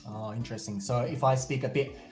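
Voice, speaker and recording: A man's voice: mid-range voice, brisk, a little mellow. A man whose first language is Japanese speaks English with a Japanese accent mixed with Australian tones. He hosts a casual video-call interview in an earnest way, often searching for the right words. His voice sits in a roomy, echoey space with faint music underneath. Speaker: host.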